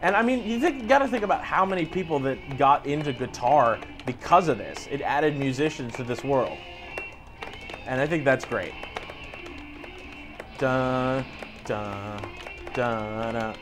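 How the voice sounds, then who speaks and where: Male co-host, playful, slightly high voice, casual gaming banter, clear music bed underneath. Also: very animated, normal speed. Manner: joking, sings along off-key and hums riffs. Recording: game music playing behind.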